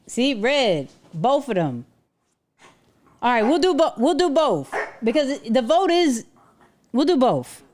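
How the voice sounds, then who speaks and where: A woman's voice: a little high, darkish tone, a little hiss or hum. A woman hosting a casual livestream from home, chatting with viewers and talking to her dog. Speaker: livestream host.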